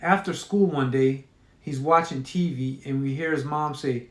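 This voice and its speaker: A man's voice: mid-range voice, steady tone, unhurried. A man reading his own horror story aloud in a casual storytelling manner, with occasional fillers. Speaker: author. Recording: roomy echo.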